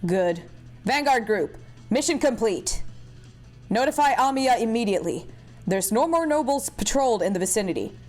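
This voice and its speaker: A woman voicing a composed adult female squad leader who gives calm, commanding orders. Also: a little high, moderate pace, soft background music.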